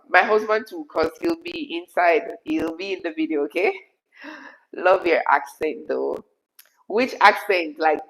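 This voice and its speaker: Gravelly-voiced Jamaican woman chatting on a live stream. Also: on the low side, poor audio. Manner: chatty, laughs often, drops into patois. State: hoarse from being sick. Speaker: YouTube host answering live chat. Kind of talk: casual live-stream chat. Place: her kitchen, indoors.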